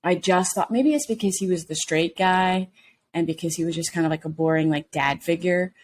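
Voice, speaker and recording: A woman with a Southern drawl chats on a podcast, animated and loose with swear words. Her voice sits low for a woman. A faint hum of room ambience stays underneath. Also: a little fast. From Mississippi. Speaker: podcast co-host. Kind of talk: casual chat.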